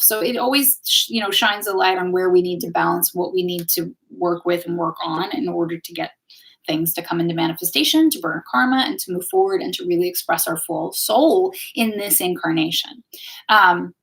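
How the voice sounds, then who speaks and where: A woman's voice: medium pitch, moderate pace. Chatty woman hosting a spiritual live stream. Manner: chatty, warm-hearted, keeps checking in with viewers ("okay?", "right?"); spiritual, encouraging teaching tone. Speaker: host of a live astrology and tarot stream. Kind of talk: casual live-stream talk to viewers.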